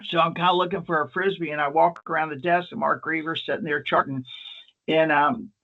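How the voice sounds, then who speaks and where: A man, an emergency nurse, telling a lively anecdote in a presentation, restarting often. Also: a little high, brisk. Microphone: video call or meeting mic. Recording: slightly muffled meeting recording.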